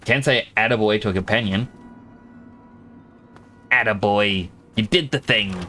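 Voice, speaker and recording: A man's voice: fairly low pitch, brisk, bright, forceful tone, faint music behind. A man with an Australian accent giving casual, joking commentary while streaming a game. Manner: chatty, joking, thinks aloud.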